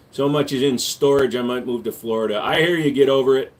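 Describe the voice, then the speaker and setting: A man hosting a casual livestream, answering viewer questions with a relaxed, joking manner that gets louder when he hypes up the chat. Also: medium pitch, fast talker. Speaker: livestream host and gun store owner.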